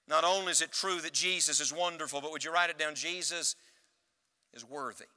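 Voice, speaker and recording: A man's voice: a little high, fairly quick, sharp tone. A male evangelist preaching an emphatic sermon in a church, calling on the congregation to answer him. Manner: emphatic preaching with call-and-response. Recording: hall reverb.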